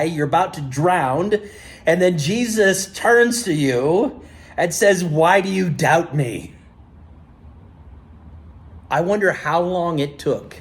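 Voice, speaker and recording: A male pastor preaching a sermon with animated, conversational storytelling. His voice sits a touch higher than most men's.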